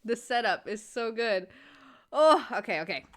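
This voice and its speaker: An American woman hosting a reaction video, commenting in a relaxed, drawling, giggly way. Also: fairly high pitch, normal speed.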